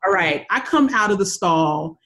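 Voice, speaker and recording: A woman from the United States telling a travel story in casual chat, animated and acting out the voices of the people in it. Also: medium pitch, normal speed.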